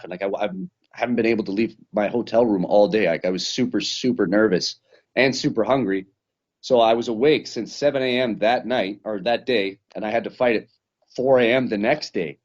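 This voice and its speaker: A man's voice: fairly low pitch, brisk. A male fighter recapping a bout in a casual interview, rambling and swearing as he tells the story over a video call. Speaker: professional fighter. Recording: dull lo-fi sound.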